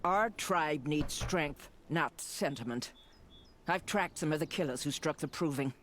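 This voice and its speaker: Stern war chief, game character, clipped commands, noisy game audio behind. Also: female voice, deep voice, measured pace. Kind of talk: video game voice acting.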